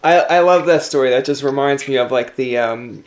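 A man hosting a casual interview, animated and acting out the voices in his anecdotes. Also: medium pitch, normal speed. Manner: animated storyteller, acts out quoted voices. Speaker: interview host.

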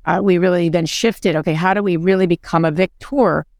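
A woman's voice: lowish voice, steady tone, fairly quick, darkish tone, no room sound, studio quality. Earnest woman podcast co-host. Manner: earnest, encouraging. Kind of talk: motivational podcast talk.

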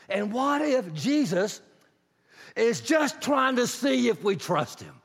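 In a large, reverberant hall, a preacher with a very high, creaky, breathy-edged voice takes his sermon slowly. He brings the stories to life with energy and character voices, at times rising to a shout.

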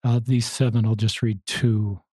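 A male podcast host talks in a thoughtful, affirming way. His voice is mellow and slightly husky. The sound is dry and close to the mic. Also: lowish voice, little pitch movement, measured pace, no room sound. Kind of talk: casual interview talk.

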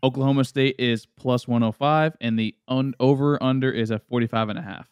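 Brisk man reading betting odds, crisp and dry. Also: mid-range voice, no room sound, muffled recording. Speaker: betting-odds reader on a sports podcast.

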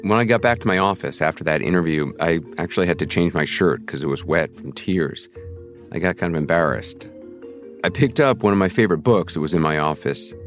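A man in his fifties hosting a podcast, speaking in a soft, thoughtful way with frequent pauses and fillers. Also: sits low, animated, faint music behind. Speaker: podcast host. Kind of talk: reflective podcast conversation and narration.

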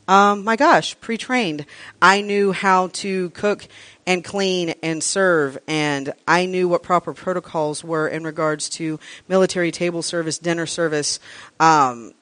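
A woman's voice: lowish voice, fairly bright tone, no room sound. A woman teaching a live class to an audience, frank and profane, hammering points home with repeated lists. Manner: emphatic, repeats lists for effect. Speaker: workshop teacher.

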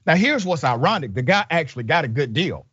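A man's voice: fairly high pitch, big pitch swings, quick pace, a bit bright, slightly rough, dry recording. Emphatic male commentary host. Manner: emphatic, indignant, rhetorical. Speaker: show host. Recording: dull dry sound.

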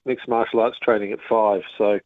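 A man's voice: fairly low pitch, little pitch movement, a little fast, no echo. A man calling in to a radio show, chatting in a friendly, rambling way over the phone. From Australia. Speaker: caller. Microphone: telephone. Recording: husky phone line.

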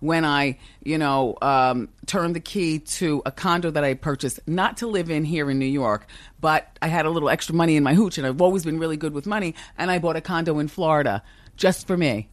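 A confident middle-aged woman who hosts a talk show is being interviewed casually in a podcast studio. Her low voice moves fairly quickly, strong and punctuated by lots of laughter, with no echo.

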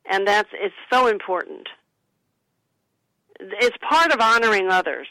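A woman guest on a radio talk show, speaking in an earnest, gentle and instructive way as she gives spiritual advice. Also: mid-range voice, normal speed, dry recording, poor audio. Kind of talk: radio interview, advice-giving.

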